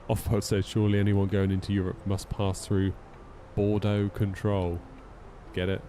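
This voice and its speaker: A man's voice: low voice, completely flat delivery, normal speed, dark tone, slight background noise. A man chatting casually on a flight sim live stream, wry and a little tired, reading out chat messages as he goes. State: yawning, tired.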